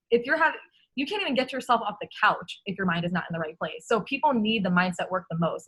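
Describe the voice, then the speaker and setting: A woman's voice: mid-range voice, a bit bright, husky, poor audio. A young woman chatting casually on a video call, telling a funny story with lots of laughter and casual swearing. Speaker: guest coach.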